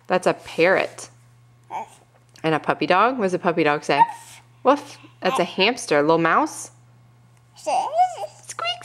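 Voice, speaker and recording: At home, a young woman reads a picture book to her toddler, gently asking questions and coaxing with little animal noises. Her voice is fairly low.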